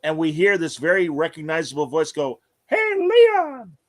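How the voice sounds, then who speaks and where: A man's voice: a little high, fairly quick. A man hosting a casual interview podcast, telling long rambling anecdotes full of fillers. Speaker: podcast host.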